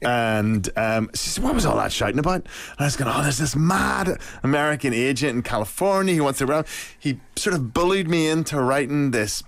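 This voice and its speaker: A middle-aged novelist from Ireland, telling an animated story in an interview and acting out the voices of others. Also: male voice, medium pitch, brisk, vocal fry, no echo. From Northern Ireland. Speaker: novelist guest.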